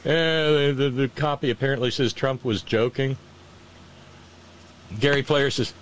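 A man hosting a casual chat show, animated and jokey, slipping into mocking quote voices. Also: mid-range voice, a little slow, pauses often, a little hiss or hum. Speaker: podcast host.

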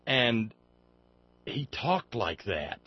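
A man's voice: mid-range voice, sing-song, drawn-out words, slightly rough. A man from Alabama with a Southern accent, hosting a call-in radio show, telling folksy stories and arguing politics with growing heat. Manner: folksy storyteller, rising to heated political argument. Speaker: talk radio host. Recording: muffled dry radio broadcast sound.

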